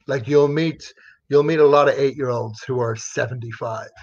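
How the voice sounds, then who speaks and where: A man, chatting casually on a podcast, laughing often and trading quick replies. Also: medium pitch, steady tone, darkish tone, highs cut off. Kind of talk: casual comedic chat.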